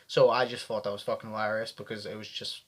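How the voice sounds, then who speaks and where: A young man from the UK giving a casual, excitable reaction commentary full of swearing. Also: on the low side, quick pace. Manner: animated, heavy swearing, fired up. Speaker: vlogger reacting to press conferences.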